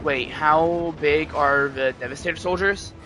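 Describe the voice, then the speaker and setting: A man's voice: on the high side, a little slow, noisy background. A man streaming a game, chatting casually to viewers in a rambling way and often restarting his sentences. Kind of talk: casual live-stream chat.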